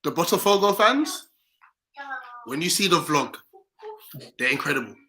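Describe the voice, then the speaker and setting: A man joining a casual football chat remotely, telling stories in a chatty, excitable way. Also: fairly high pitch, normal speed, crowd noise, rough recording. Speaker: guest on call.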